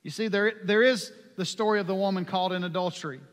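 A man preaching a sermon with passion, moving from hushed lines to loud ones. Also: high-pitched, fast. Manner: impassioned, swings from hushed to loud. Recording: long hall reverb.

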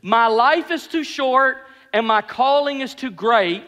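A man preaching a sermon as pastor, telling stories with animated, self-mocking humor. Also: very high voice, takes it slowly, big-room sound.

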